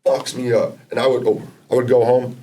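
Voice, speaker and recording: A man's voice: mid-range voice, little pitch movement, fairly quick, mellow. A man in his twenties, a podcast guest, telling a long casual story with lots of fillers and quoted dialogue. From Massachusetts, US. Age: 20s. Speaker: podcast guest, college basketball player.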